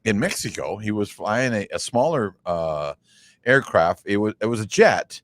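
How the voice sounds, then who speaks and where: Male radio host, loose rambling storyteller, lively up-and-down voice, dry close sound. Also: lowish voice, moderate pace, no room sound. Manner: rambling storyteller, many restarts. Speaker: podcast host. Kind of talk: casual chat.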